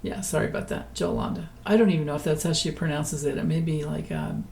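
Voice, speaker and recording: A woman's voice: deep voice, steady tone, quick pace, warm tone, a little hiss or hum, rough recording. A woman giving a casual political tarot reading, chatty and rambling, often laughing between points. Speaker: tarot reader.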